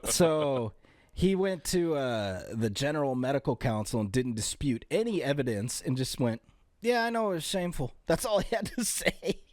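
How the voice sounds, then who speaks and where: A man's voice: medium pitch, sing-song, moderate pace, darkish tone, dry recording, clean studio sound. A man co-hosting a podcast, reading a news story aloud and breaking off to joke about it. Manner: reads the story aloud between jokes. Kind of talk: casual comedic banter.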